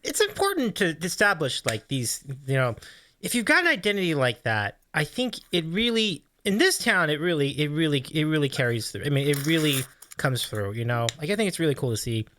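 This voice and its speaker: A man's voice: a little high, a little fast, no echo. A man hosting a casual interview, effusive and full of praise. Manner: animated, effusive, says "like" and "really cool" often. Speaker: podcast host.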